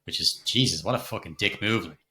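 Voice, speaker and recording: A quick-talking middle-aged man with a bright, forceful voice. He swears freely and acts out scenes from a film as he reviews it on a podcast. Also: lowish voice. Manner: sweary, animated, retells scenes with quoted lines. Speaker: podcast co-host. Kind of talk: casual film review chat.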